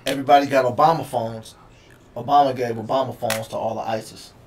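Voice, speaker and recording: A man co-hosting a podcast in casual comedic chat, with laid-back deadpan jokes. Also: mid-range voice, brisk, slight background noise. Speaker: podcast co-host.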